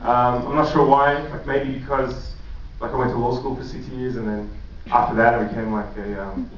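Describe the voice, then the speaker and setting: A man's voice: medium pitch, steady tone. Male stand-up in his twenties, hesitant and self-mocking, distant live recording with a noisy room. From Australia. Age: 20s. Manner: halting, self-deprecating storytelling with many fillers. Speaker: stand-up comedian. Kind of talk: stand-up comedy. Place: large comedy venue. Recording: echoey distant live hall, muffled.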